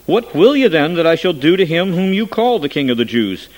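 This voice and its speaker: A man reads aloud as a stern Roman governor who keeps pressing a silent prisoner with questions. The voice sits at a middle pitch and lifts and grows louder as the questions sharpen. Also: big pitch swings, moderate pace, poor audio. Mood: questioning.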